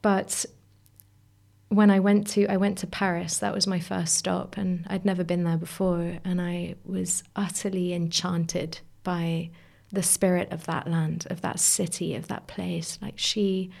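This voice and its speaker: A woman's voice: fairly low pitch, level tone, measured pace, vocal fry, a little mellow. A woman guest in a reflective conversation, musing and searching for words, sometimes dropping to a whisper. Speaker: podcast guest.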